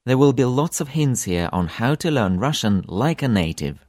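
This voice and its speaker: A man teaching a language lesson for an audiobook, repeating example words slowly with long drawn-out vowels. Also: medium pitch, very animated, darkish tone, dry recording, studio quality.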